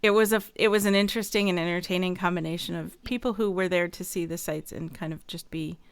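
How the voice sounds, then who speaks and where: A woman's voice: lowish voice, fairly even intonation, fast talker, clean tone, no echo. A woman hosting a podcast, chatty, laughing often and asking questions. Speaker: podcast host. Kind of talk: casual podcast conversation.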